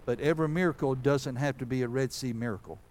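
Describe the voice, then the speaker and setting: A man's voice: medium pitch, fast, darkish tone. A male pastor delivers a sermon in a folksy, conversational way. His mid-range voice sounds like plain everyday speech. He builds to fervent, urgent preaching.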